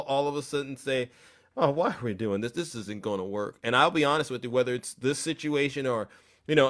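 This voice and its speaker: A young man hosting a livestream, talking in a boastful, animated way and sometimes shouting. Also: mid-range voice. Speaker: livestream host. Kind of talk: livestream talk.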